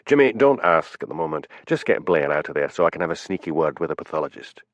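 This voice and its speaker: A man voicing a calm, shrewd male police constable in an audiobook, speaking in a measured way. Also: a bass voice, no echo, pitched below the performer's own voice. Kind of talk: audiobook character voice.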